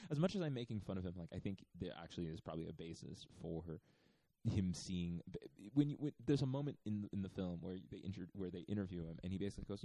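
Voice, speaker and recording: A man's voice: sits low, lively intonation, quick pace, dark tone, no room sound, poor audio. A man hosting a podcast, talking casually and rambling with many fillers and restarts. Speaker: podcast host.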